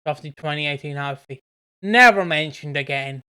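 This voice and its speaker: A man's voice: on the high side, a little fast, bright, forceful tone, smooth. A man co-hosting a podcast in casual chat, rambling into tangents and laughing easily. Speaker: podcast co-host.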